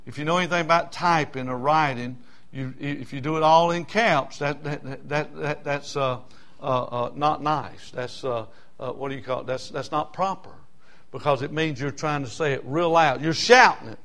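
A man from South Carolina with a Southern accent, preaching a sermon in rhythmic bursts with call-and-response amens, swinging from loud shouts to quiet asides. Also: on the high side, steady tone, normal speed. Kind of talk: fiery sermon.

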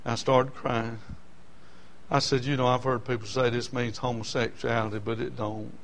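A man's voice: mid-range voice, level tone, normal speed, a bit bright. Folksy preacher man telling stories. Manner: folksy storytelling, rising to emotional peaks. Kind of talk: sermon with personal testimony.

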